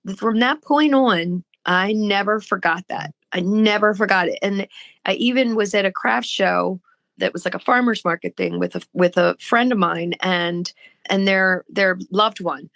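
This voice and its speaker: A woman's voice: mid-range voice, a little slow, no room sound. A woman co-hosting a podcast in casual chat, telling stories animatedly and acting out the people she quotes. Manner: animated storyteller who acts out quoted people. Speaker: podcast co-host.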